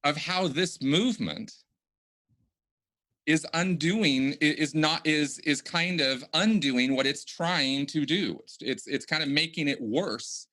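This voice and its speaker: A man hosting a conversational podcast, talking in a halting way with many restarts and repeated words. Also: a little high, sharp tone. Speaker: podcast host.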